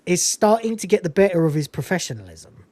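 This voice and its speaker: Give me a woman host with a fairly low voice, casual and sweary, laughing as she talks. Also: big pitch swings, fairly quick, dark tone, dry recording. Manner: sweary, enthusiastic, laughs often. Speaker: podcast host reviewing a film. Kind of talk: casual chat.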